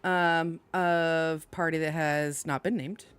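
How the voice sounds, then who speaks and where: A woman's voice: deep voice, steady tone, slow, clear, resonant tone. A woman running a tabletop game as dungeon master, chatty and laughing often with her players. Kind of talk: casual game session chat.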